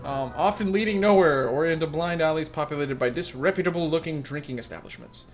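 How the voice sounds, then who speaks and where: A man's voice: a little high, fairly quick. A man hosting a let's play, reading game text and making rambling, wry, joking asides in sarcastic commentary. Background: faint game music.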